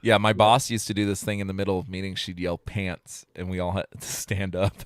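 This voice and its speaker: A man's voice: deep voice, level tone, fast talker, clean tone, no room sound, studio quality. A man co-hosting a podcast from home, laid-back and casual, laughing often. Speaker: podcast co-host. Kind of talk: casual chat. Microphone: remote home setup.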